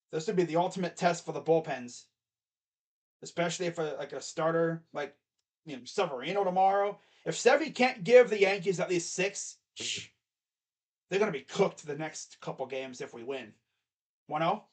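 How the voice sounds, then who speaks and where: Brief: high-voiced male fan streaming live baseball reaction, rambling and excitable. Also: normal speed. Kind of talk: casual live play-by-play reaction.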